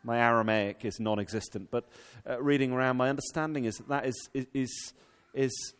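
A man preaching a sermon in an animated way, stumbling over restarts and fillers as he goes. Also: medium pitch, brisk, hardly any pauses. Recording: long reverb from a large hall.

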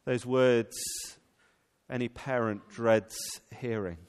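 A man preaching a sermon in an animated way, stumbling over restarts and fillers as he goes. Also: a little high, unhurried. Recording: long reverb from a large hall.

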